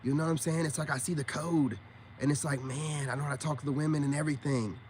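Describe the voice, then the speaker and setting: High-voiced man, teasing drawl. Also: steady tone, quick pace, darkish tone, slight background noise. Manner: drawling, teasing, repeats "you know what I'm saying". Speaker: self-styled spiritual coach livestreaming to viewers. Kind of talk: casual livestream talk to chat.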